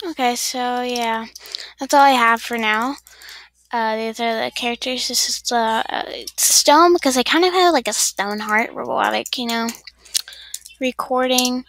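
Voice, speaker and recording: A woman's voice: on the high side, fairly even intonation, a little slow, a bit bright. A woman streamer chatting casually while playing a game, rambling and talking to her chat.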